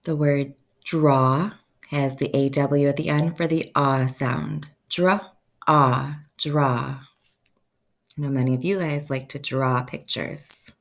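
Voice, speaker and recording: A woman teaching a first-grade phonics lesson, slowly stretching out each sound so children can say the words with her. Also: extremely low pitch, steady tone.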